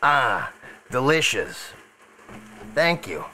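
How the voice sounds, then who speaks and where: A man's voice: mid-range voice, very animated, drawn-out words, sharp tone, slight background noise, full character voice, rough recording. Columbo, as a man puts him on while cooking. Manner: rambling, muttering asides to himself. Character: rumpled Italian male TV detective, mild and rambling. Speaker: streamer cooking chili in character. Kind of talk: live cooking stream, in character.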